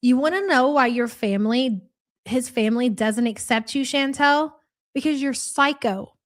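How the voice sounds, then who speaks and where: A woman hosting a live reaction stream, reading chat and ranting in a blunt, profane, mocking way. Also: a little high. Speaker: livestream reaction host.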